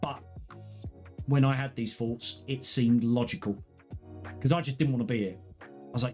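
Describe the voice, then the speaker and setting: A man's voice: mid-range voice, fairly even intonation, normal speed, pauses often, a little mellow, faint music behind. Candid man streaming casually. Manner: candid, rambling, earnest storytelling. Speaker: gaming streamer. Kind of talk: casual live-stream chat.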